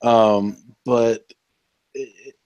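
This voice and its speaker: A man's voice: mid-range voice, fairly even intonation, very slow, darkish tone, no room sound. A male co-host with a mid-range voice, recorded close and dry. He feels his way through each point with restarts and short laughs. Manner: hesitant, lots of restarts and laughing asides. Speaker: podcast co-host. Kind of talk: casual podcast discussion.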